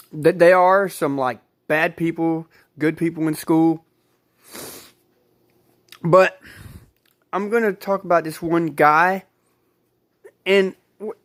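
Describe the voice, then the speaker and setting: A man's voice: fairly high pitch, a bit bright. A man casually telling a personal story, rambling, repeating himself and swearing freely.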